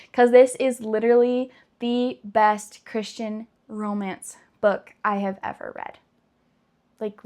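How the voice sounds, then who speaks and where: A young adult woman who runs a book vlog chats casually, gushing about books she loves and saying "like" a lot. Her voice is on the high side and a little mellow.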